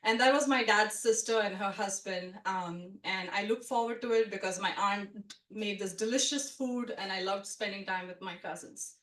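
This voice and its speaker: A woman telling a personal story at a live story swap, chatty and animated, full of "like" and "you know". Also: medium pitch, normal speed. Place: storytelling event room with a live audience. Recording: roomy sound from a distant mic.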